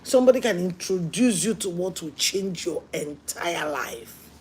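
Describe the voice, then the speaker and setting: A woman pastor preaching a sermon, telling stories earnestly and swinging between hushed lines and emphatic ones. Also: fairly low pitch, expressive, a little slow, slight background noise.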